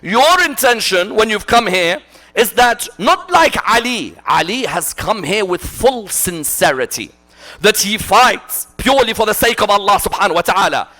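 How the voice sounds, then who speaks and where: Male lecturer, fervent sermon style, highly animated pitch, loud then hushed. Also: moderate pace. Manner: impassioned, rhetorical questions, swings from loud to hushed. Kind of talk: religious lecture. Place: mosque hall.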